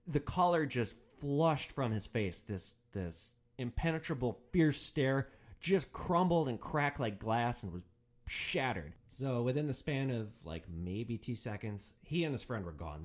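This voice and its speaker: A man hosting a podcast, telling a story about his rideshare driving in a casual, animated way and swearing freely. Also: fairly low pitch. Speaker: podcast host, rideshare driver.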